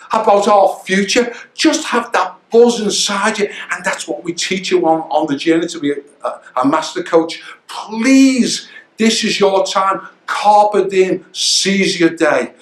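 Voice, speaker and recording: High-voiced older man coaching, echoey room. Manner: energetic, emphatic, repeats key phrases. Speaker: founder of a coaching academy. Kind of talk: motivational coaching talk. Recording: roomy echo.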